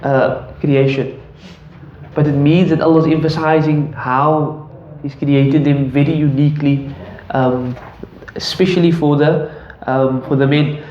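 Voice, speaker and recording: Guy teaching arabic grammar to a class, slightly high voice, echoey room, faint hiss. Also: steady tone, measured pace. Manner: explains grammar patiently, quizzes students, chuckles often. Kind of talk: classroom lesson. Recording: echoey classroom, dull lo-fi audio.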